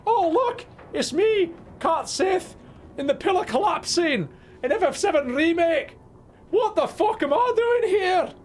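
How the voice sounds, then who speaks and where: A man voicing a cheerful male talking cat, squeaky and shrill, meowing between exclamations. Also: lively intonation, measured pace, slight background noise. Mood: squeaky excited.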